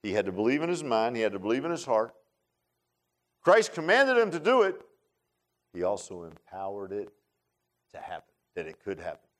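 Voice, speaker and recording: A male pastor preaching a sermon in an animated, informal way, often repeating words and making joking asides to the congregation. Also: on the low side, normal speed, long pauses.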